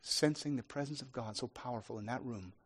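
A man giving an earnest sermon testimony, restarting often and swinging from loud to soft. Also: mid-range voice, a little fast, breathy edge.

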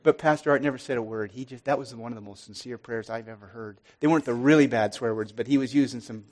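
A man giving an earnest sermon testimony, restarting often and swinging from loud to soft. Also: mid-range voice, quick pace.

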